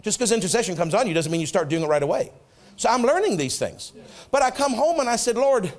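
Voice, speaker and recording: A middle-aged pastor preaching in a church with a high, very lively voice that leaps up and sinks down. He tells his story with energy and acts out both sides of the dialogue, dropping quiet for the quoted lines. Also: fast. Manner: animated storytelling, acts out prayers and dialogue, drops soft for quotes. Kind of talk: sermon. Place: church sanctuary.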